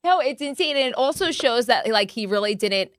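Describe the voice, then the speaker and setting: A young woman hosting a casual podcast chat. She talks in an animated way and acts out quotes with big jumps in pitch. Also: a little fast, no room sound, clean studio sound. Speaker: podcast host.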